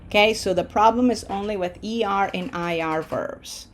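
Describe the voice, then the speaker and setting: A woman's voice: medium pitch, normal speed. A woman teaching Spanish verb forms in English, explaining patiently step by step and checking in with "okay?". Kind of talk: online language lesson.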